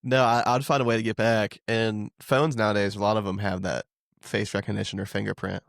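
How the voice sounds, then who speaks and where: A man's voice: fairly low pitch, flat delivery, a little fast, creaky, dry recording, studio quality. A man from Ohio co-hosting a podcast, chatting casually and joking with frequent laughs. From Ohio, USA. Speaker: podcast co-host. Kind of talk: casual chat.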